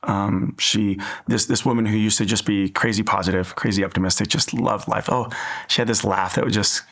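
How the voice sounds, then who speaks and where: A man's voice: on the low side, fairly even intonation, a little fast, gravelly, a bit bright. A man from Southern California, an interview guest, giving an earnest, reflective personal faith testimony.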